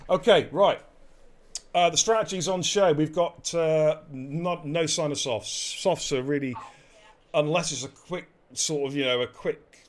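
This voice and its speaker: A man hosting a live esports racing stream, joking, swearing and bantering while commentating. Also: on the high side. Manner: jokey, swears freely, energetic.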